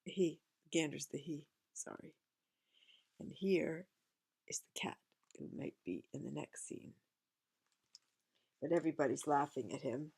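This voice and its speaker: Low gravelly woman reading a picture book. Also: measured pace, pauses often, darkish tone. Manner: chatty, pointing out pictures. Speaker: reader of a picture book to a child. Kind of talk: children's book read-aloud with asides.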